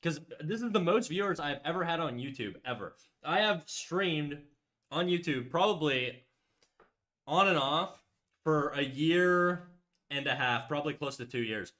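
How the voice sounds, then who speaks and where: A man's voice: on the high side, lively intonation, measured pace, sharp tone. A man hosting a casual livestream while drawing. He rambles and restarts, says "like" often, swears freely, and reads out and answers chat messages. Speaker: livestream host.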